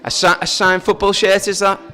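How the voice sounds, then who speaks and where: A man's voice: sits high, monotone, fairly quick, pushed and bright. A man leading a family church service, talking in a chatty, joking way and asking the children questions. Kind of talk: informal family service talk.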